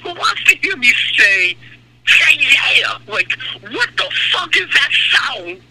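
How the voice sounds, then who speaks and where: A man doing a brash, high-voiced rock star. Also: big pitch swings, slow pace, background noise, exaggerated voice. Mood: mocking. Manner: crude, sarcastic, gossipy, calls the host by name. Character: brash aging male rock star, crude and mocking. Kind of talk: comedic impression on a radio call.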